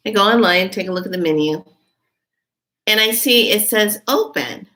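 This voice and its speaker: Woman, spiritual vlogger, casual storytelling, animated self-quotes. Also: moderate pace. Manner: animated, jumps high in pitch when quoting herself.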